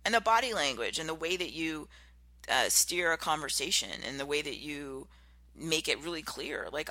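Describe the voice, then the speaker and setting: A podcast host giving an animated motivational talk, acting out contrasting example voices. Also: mid-range voice, normal speed, no echo.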